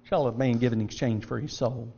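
A man's voice: mid-range voice, fairly even intonation, a little fast, gravelly, husky. A middle-aged man preaching an emphatic, earnest sermon, reading scripture aloud. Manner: earnest, emphatic preaching with varied loudness and pace. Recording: dull lo-fi sound.

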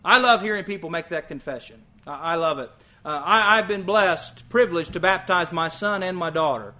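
A male preacher delivers a sermon in a high, ringing voice. He is earnest and emphatic and drives his points home by repeating them. His tone has a bright, pressing edge. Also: normal speed. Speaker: visiting preacher.

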